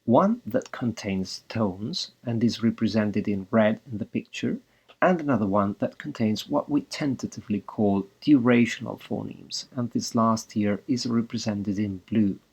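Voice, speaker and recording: A man reading out a scripted academic presentation as a linguistics researcher, in a measured, read-aloud way. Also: on the low side, gravelly, husky.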